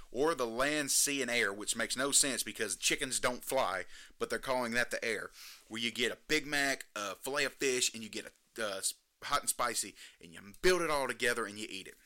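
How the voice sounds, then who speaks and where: A man hosting a solo podcast, ranting in disbelief and climbing to near-shouts as he gets worked up. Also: medium pitch. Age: adult, jokes he may be too old for social media. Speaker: podcast host.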